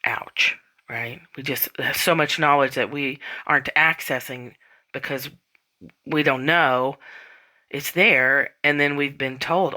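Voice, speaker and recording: A woman's voice: deep voice, takes it slowly, pauses often, bright, forceful tone. A woman hosting a spiritual self-help podcast, talking casually and bluntly, swearing freely and acting out inner voices. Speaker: podcast host.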